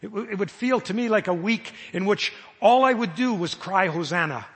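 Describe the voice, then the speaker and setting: Earnest and searching, this sermon comes from a high-voiced man whose tone has a husky edge, speaking at a normal speed. Voicing imagined prayers, he trips and restarts, his words echoing through a big hall's long reverb.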